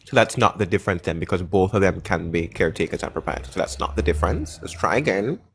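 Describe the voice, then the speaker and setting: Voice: low-pitched, lively intonation, fast talker, a bit bright, slight background noise. A live-stream debate host who talks bluntly, mocks guests and interrupts often, on a close mic. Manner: blunt, mocking, interrupts a lot. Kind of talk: casual live-stream chat.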